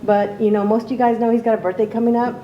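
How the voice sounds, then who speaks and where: A woman's voice: on the high side, level tone, rapid-fire, lo-fi sound, a little hiss or hum. Chatty woman in an echoey room. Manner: casual, chatty storytelling. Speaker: aunt sharing memories at a memorial. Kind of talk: informal memorial tribute.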